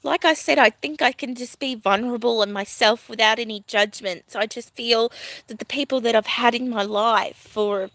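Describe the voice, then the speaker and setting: A woman's voice: on the high side, normal speed, fairly bright tone, no room sound. A woman in her thirties vlogging at home, talking to her viewers in a rambling, emotional, heartfelt way. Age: 30s. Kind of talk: casual talk to camera.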